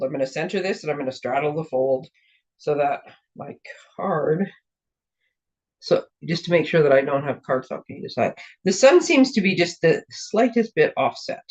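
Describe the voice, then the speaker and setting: Chatty hoarse woman demoing crafts. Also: low-pitched, a little mellow. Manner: chatty, rambling, self-interrupting. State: slightly hoarse, clearing her throat. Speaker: craft demonstrator and show host. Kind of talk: casual card-making demo. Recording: dull lo-fi recording.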